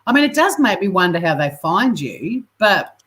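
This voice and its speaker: A woman's voice: mid-range voice, big pitch swings, moderate pace, fairly bright tone. A woman co-hosting a podcast in casual chat, blunt and sweary, ranting with energy. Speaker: podcast co-host.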